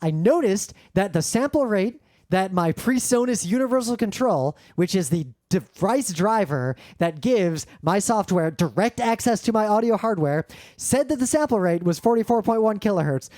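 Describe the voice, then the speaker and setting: Blunt, swearing podcast co-host with a dry sound. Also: male voice, high-pitched, lively intonation, normal speed, mellow, dry recording. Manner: blunt, swears, explains technical detail. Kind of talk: casual tech podcast chat. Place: home studio, remote recording session. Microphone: professional studio microphone.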